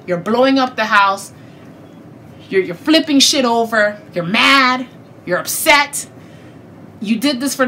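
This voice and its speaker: A woman giving a casual tarot reading, chatty and animated, speaking straight to her viewers and laughing often. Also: on the high side, a little hiss or hum. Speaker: tarot reader.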